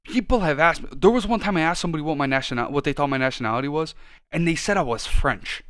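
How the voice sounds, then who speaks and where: A man co-hosting a podcast in casual chat, ranting and swearing freely and getting loud when worked up. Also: fairly high pitch, animated, fast talker, dry recording, studio quality. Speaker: podcast co-host.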